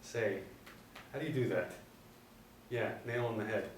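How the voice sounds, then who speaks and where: A man reading the part of an earnest, easily impressed young male truck driver, speaking quietly and hesitantly. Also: fairly low pitch, measured pace, natural voice. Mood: curious. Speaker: table-read actor. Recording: roomy, distant mic, faint background hum.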